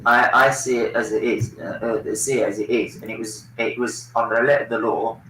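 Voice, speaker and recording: A man's voice: mid-range voice, steady tone, fairly quick, pushed and bright, echoey room, recorded from a distance, a little hiss or hum, low-quality recording. A man hosting a football watchalong stream, opinionated and swearing freely in casual chat.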